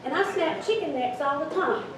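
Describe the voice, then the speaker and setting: A woman telling a story live on stage, with an animated, dramatic delivery. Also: sits high, a little fast. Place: event hall with audience. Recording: echoey hall, distant mic, noisy.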